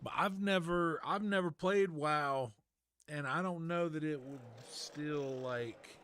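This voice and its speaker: A man's voice: a little high, slow pace, fairly bright tone, a little hiss or hum. A man streaming a video game, talking casually with his viewers in a laid-back, chatty way. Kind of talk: casual gameplay chat.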